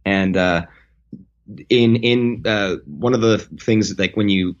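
A man with a low voice tells a long personal story in a relaxed, conversational way. He trips over his words and restarts his sentences often. The recording sounds dull and muffled. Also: slow. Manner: rambling, self-correcting, animated when quoting. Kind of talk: casual anecdote.

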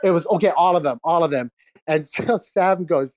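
A man's voice: sits high, moderate pace, no echo. A man in his thirties hosting a casual chat, telling a rambling story with restarts and laughs, a bit under the weather. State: unwell with a cold. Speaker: host. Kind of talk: casual chat on a live audio space.

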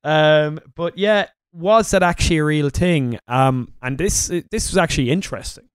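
A man co-hosting a history podcast, talking casually in a relaxed, rambling way with plenty of fillers. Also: on the high side, normal speed, clear, resonant tone, no room sound. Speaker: podcast co-host.

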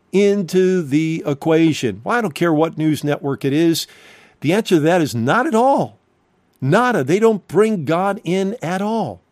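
A male preacher delivers a sermon slowly and deliberately, pressing his points with rhetorical questions. His voice sits somewhat high. The sound is dry and close. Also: dry recording. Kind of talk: recorded sermon.

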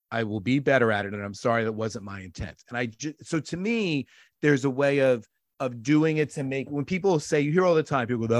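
A man hosting a casual conversational interview, talking in an animated, emphatic way and often running over others. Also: mid-range voice, dry recording, clean studio sound.

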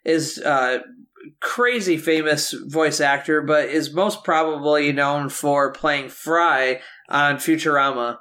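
Man, podcast co-host, casual chat, relaxed, trivia, higher pitch. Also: slow pace.

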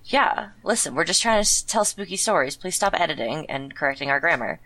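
A woman's voice: low voice, lively intonation, a little fast, bright, forceful tone, no echo, poor audio. A woman co-hosting a comedy podcast, reading wiki rules aloud and laughing between dry asides. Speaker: podcast co-host.

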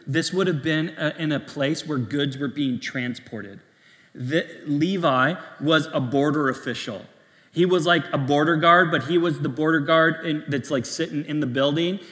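Male pastor with a bright, forceful voice, telling stories animatedly, heard in a reverberant hall. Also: a little high. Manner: animated storytelling with laughs and voiced asides. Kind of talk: sermon. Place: church hall.

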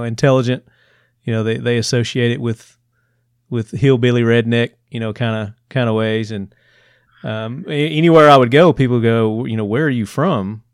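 A Southern-accented man from Tennessee hosts a relaxed interview, chatting easily and slipping in fillers and quick asides. His voice sits at a middling pitch and sounds dry and close, with almost no room around it. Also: smooth, no echo. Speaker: interview host. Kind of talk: conversational interview.

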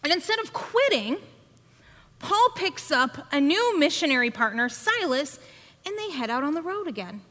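A woman podcast host preaching a sermon, telling an animated story and acting out her children's voices. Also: high-pitched, normal speed. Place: church sanctuary. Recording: long reverb of a church hall.

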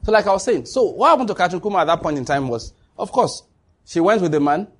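A man preaching a sermon, telling stories with lively acted-out dialogue and frequent laughter. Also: high-pitched, quick pace. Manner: animated storytelling, laughs often, acts out dialogue.

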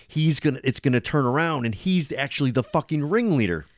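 A man's voice: on the high side, brisk, dry recording. A man co-hosting a casual podcast about a movie, swearing freely and acting out the characters' lines. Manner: profane, animated, acts out characters' lines. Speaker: podcast co-host.

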